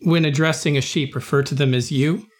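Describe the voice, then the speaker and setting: A man in a casual book discussion, asking a joking question in a deadpan manner. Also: fairly high pitch, fairly quick.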